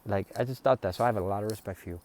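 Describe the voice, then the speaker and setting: Man, low rambling voice. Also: very fast, darkish tone. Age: adult, a father. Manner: rambling, conversational, many fillers and restarts. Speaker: family storyteller. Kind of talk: personal tribute story.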